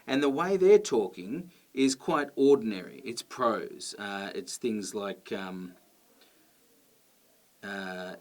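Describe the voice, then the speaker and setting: A man presenting a video lesson as a teacher, explaining step by step in a clear, methodical way with the odd "uh" or "um". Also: on the low side, lively intonation, slow, darkish tone. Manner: clear, methodical explaining with occasional ums and uhs.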